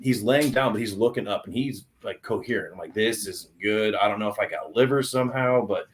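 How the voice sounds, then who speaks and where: A young adult man telling a hunting story on a podcast in an excited, animated way, with many restarts. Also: on the low side, a little fast. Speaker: podcast guest. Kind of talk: casual storytelling.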